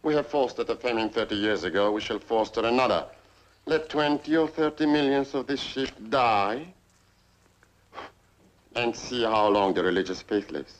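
A man's voice: medium pitch, moderate pace, slight background noise, close to an everyday voice, poor audio. A man playing a ruthless Soviet general in a 1950s film, speaking coldly and in clipped phrases. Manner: cold, clipped.

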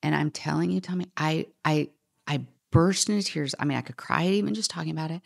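A middle-aged woman telling a personal story as a podcast guest, animated, quoting others and sometimes dropping to a whisper. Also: low voice, brisk, creaky. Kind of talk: storytelling in conversation.

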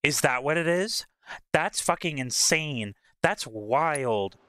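A young man streaming a game, reacting out loud, excitable and swearing a lot as he talks to the screen. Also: a little high, slow. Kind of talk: casual reaction commentary. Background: game soundtrack and game dialogue.

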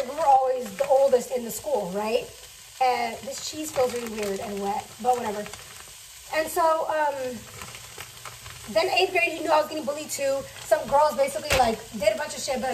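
A young woman telling a chatty, fast storytime while cooking in her kitchen, swearing freely. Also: high-pitched, far from the mic, a little hiss or hum, poor audio. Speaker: vlogger. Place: home kitchen.

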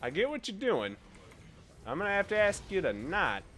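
A young man narrates his own gameplay in a high, lively voice that leaps around in pitch. He drops into low mutters, then bursts into loud, boastful yelling, cursing freely and mocking himself as he goes. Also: normal speed, slight background noise. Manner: profane, boastful, self-mocking. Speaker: gaming streamer. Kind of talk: excited gameplay commentary.

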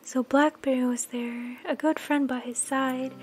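Soft high-voiced woman telling a kids' story. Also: fairly even intonation, a little slow, slightly rough, faint music behind. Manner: gentle, soft, sing-song, often whispery. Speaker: children's storyteller and singer. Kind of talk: sung and narrated children's story.

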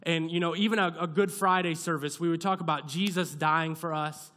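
Bright-voiced young male pastor preaching. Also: fairly high pitch, steady tone, brisk. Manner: conversational, self-deprecating preaching with acted-out asides. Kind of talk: sermon. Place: church sanctuary.

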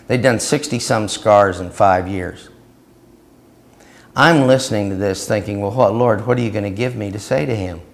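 A man teaching a Christian seminar and telling a story, growing loud and animated as he acts out what he said. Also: on the low side, normal speed, creaky. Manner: storytelling, growing loud and animated when acting out his reply. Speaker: preacher.

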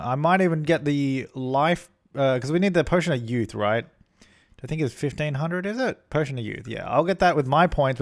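Young man, casual gameplay commentary, chatty, rambling, mid-pitched voice. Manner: chatty, self-correcting, often voicing his characters. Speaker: gaming YouTuber. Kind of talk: casual let's-play commentary.

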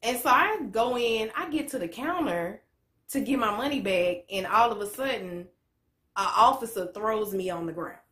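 A woman's voice: a little high, animated, normal speed, fairly bright tone. A woman in her late twenties telling a story to camera as a vlogger, blunt and profane, full of slang. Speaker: motivational vlogger. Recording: echoey room.

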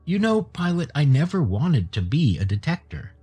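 A happy-go-lucky alien in dog form, as a man puts him on for a storybook reading, pitched well above a low narrating voice and rising and falling freely. He sounds husky and easygoing, with faint music underneath. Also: sing-song, moderate pace, warm tone, exaggerated voice. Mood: contented. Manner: easygoing, contented. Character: carefree male alien in dog shape.

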